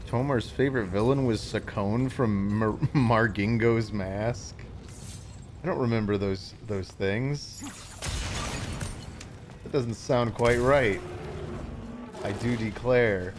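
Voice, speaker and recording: A man's voice: mid-range voice, slow, long pauses, a little hiss or hum. A man streaming a video game live, giving playful, self-mocking casual commentary. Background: game music.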